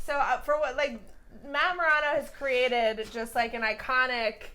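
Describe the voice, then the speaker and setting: A woman hosting a casual comedy talk show from her living room, bubbly and animated, laughing often. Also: high voice, normal speed.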